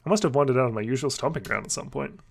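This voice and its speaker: A man's voice: medium pitch, rapid-fire, gravelly. A man hosting a let's play, reading a visual novel aloud with playful, self-mocking asides.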